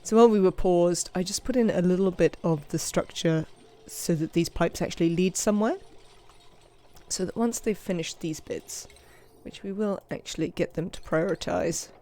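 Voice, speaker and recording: English streamer, chatty, live game play, greets chat, mid pitch. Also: moderate pace, mellow, a little hiss or hum. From England. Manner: chatty, greets viewers and scolds game characters. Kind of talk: live video game commentary.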